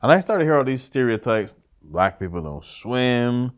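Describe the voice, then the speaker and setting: A middle-aged man from Barbados, a podcast co-host telling stories in casual chat, quoting other people in high, put-on voices. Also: normal speed. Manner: animated storyteller, high-pitched when quoting others.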